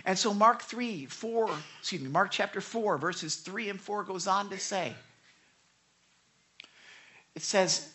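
Bright-voiced, chatty pastor preaching. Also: mid-range voice, slow pace, long pauses. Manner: conversational, animated preaching with asides; self-correcting, frequent restarts. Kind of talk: sermon.

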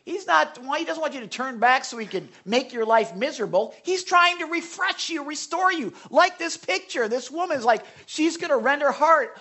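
A preacher delivering a sermon in an animated, excitable way, swinging between loud exhortation and hushed, soft lines, with frequent restarts. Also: high voice, moderate pace, hardly any pauses. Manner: excitable, with restarts and self-corrections.

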